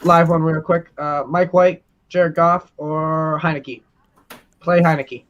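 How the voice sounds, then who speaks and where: A man with a fairly high voice co-hosting a podcast, reading out listener questions in relaxed, joking chat. His sound is dull and lo-fi, as if caught by a cheap mic. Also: slow. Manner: reads out listener questions, jokey. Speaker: podcast co-host. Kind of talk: casual chat.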